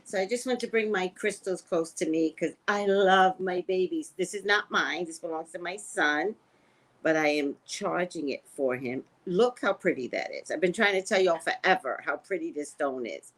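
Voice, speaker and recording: An older woman hosting a casual live stream, chatting with viewers and greeting them by name in sudden high squeals. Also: moderate pace. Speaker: live-stream psychic host.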